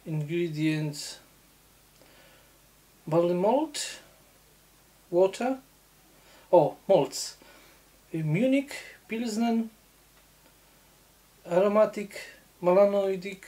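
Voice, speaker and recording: A woman hosting a casual beer tasting review, talking in a slow, halting way with many fillers. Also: mid-range voice, expressive, warm tone.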